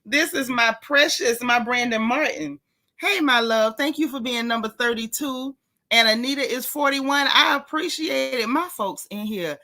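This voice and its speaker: A woman hosting a live stream, chatting casually and greeting viewers by name with lively, swooping pitch. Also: normal speed.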